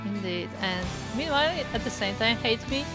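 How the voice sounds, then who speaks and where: A woman's voice: on the high side, expressive, moderate pace, over loud music. A woman casting a live esports match, casual and chatty, often saying "like". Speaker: esports caster. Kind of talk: live game commentary.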